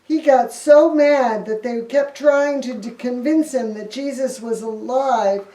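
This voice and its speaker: A woman pastor tells a Bible story for children in a slow, playful manner. Her voice sits a little high. She is recorded from a distance in an echoey room. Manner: lively, playful telling.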